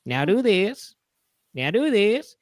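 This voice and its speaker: A man doing a high, drawling impression of a stage magician greeting a crowd. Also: big pitch swings, takes it slowly, dry recording, clean studio sound, full character voice. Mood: showy.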